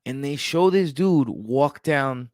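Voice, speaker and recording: A man's voice: medium pitch, animated, slow, a little mellow, dry recording, studio quality. A man co-hosting a podcast in casual, slangy, rambling chat. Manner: slangy, laid-back, rambling. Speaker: podcast co-host, teacher.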